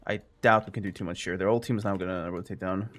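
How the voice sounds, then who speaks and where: A man's voice: sits low, fairly even intonation, fast talker, fairly bright tone, faint music behind. A young man giving live commentary on his own gameplay, playful and jokey, talking to his chat. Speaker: gamer streaming his gameplay.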